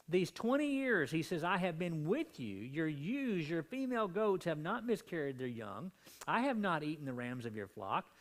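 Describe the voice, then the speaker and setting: A man preaching a midweek Bible study in a church, reading scripture with growing intensity and a strained voice. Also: on the high side. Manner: animated, reads scripture with rising intensity. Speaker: pastor.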